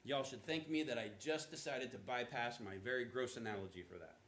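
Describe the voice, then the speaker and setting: A man's voice: mid-range voice, fairly quick, a bit bright, reverberant, slight background noise. A man preaching a sermon to a church congregation in a conversational way, with casual asides. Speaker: pastor. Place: church auditorium.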